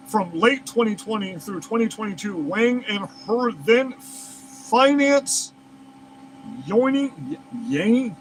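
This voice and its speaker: Fired-up, high-voiced man ranting profanely. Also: bright, forceful tone, slight background noise, rough recording. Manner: profane, heated, incredulous. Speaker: commentary host. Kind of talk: reading news aloud and ranting over it.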